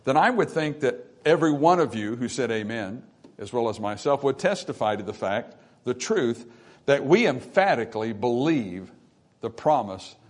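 A man preaching a sermon to his congregation, swinging between quiet, intimate stretches and loud, emphatic ones. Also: medium pitch, expressive, moderate pace. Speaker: pastor. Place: church sanctuary.

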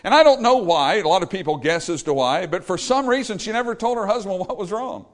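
A man's voice: high-pitched, animated, fairly quick. A man preaching a sermon, reading verses in old scripture wording and retelling them in plain folksy speech.

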